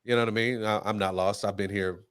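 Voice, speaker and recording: A man's voice: fairly low pitch, steady tone, quick pace, fairly bright tone, clear, resonant tone, no room sound. Dry-sounding man telling a story. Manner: storytelling, acts out both sides of dialogue. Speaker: co-host. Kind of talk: casual panel conversation.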